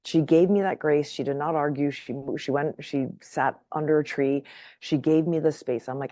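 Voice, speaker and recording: Woman, low voice, warm mellow tone, dry close sound, animated storytelling, frequent laughs. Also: normal speed, no room sound. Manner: animated, laughs often, keeps checking in with "right?". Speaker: podcast guest. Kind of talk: casual storytelling in conversation.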